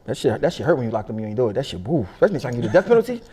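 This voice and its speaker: A middle-aged man, telling stories in a casual interview, profane and animated, laughing often. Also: medium pitch, racing, husky. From Philadelphia. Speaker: interview guest.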